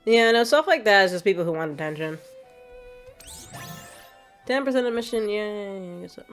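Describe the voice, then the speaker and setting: Woman, game streamer, casual rambling chat, sarcastic, frequent laughter, tired, middle pitch. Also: expressive, normal speed, faint music behind. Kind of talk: casual live-stream chat while playing.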